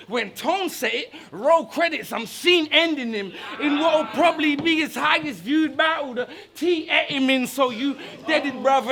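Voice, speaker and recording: A man performing taunting rap verses at a live battle, shouting his punchlines at an opponent. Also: extremely high pitch. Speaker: battle rapper.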